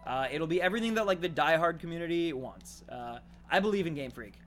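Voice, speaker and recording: High, lively male game streamer. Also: quick pace, soft background music. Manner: excitable, chatty, thanks viewers. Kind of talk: live gameplay commentary.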